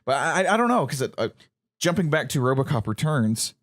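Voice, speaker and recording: A man's voice: a little high, sing-song, brisk. A man, co-hosting a casual pop-culture chat, rambling and stammering as he corrects himself. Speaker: podcast co-host.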